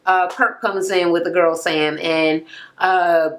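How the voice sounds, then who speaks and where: A young woman recapping a reality TV episode in a casual, profane rant. She acts out the people she quotes with sudden jumps in pitch, uses many fillers and laughs at the scenes. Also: slow pace. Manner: animated retelling, acting out quoted people with sharp pitch jumps.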